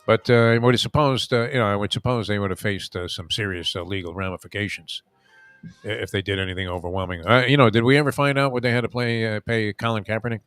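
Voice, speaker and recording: Sports radio host, man, lower voice, rambling halting delivery, bright dry sound. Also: steady tone, clear, resonant tone, dry recording, faint music behind. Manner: rambling, halting with many uhs. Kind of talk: casual sports talk.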